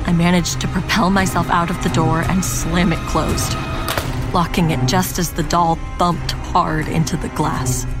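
A woman narrating a first-person horror story in a tense, scripted storytelling manner. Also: on the low side. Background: music.

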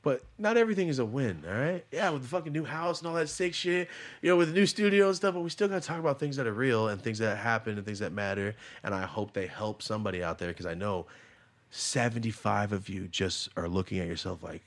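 A man hosting a podcast in casual chat, telling stories bluntly and profanely, dropping to low mutters and then bursting out loud as he acts out the people in them. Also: fast. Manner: profane, blunt storytelling that acts out quoted voices. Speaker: podcast host.

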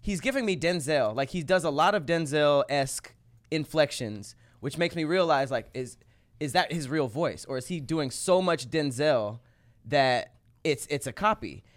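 A man's voice: a little high, animated, normal speed. A man appearing as a podcast guest, telling stories in casual chat with frequent stammering restarts. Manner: chatty storyteller, stammering restarts.

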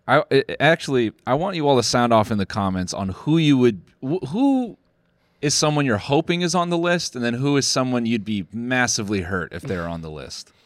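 Podcast host, male, sarcastic riffing, lively up-and-down delivery, dry close sound. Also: medium pitch, a little fast, no echo. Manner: sarcastic, rambling, laughs often. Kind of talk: casual comedic podcast chat.

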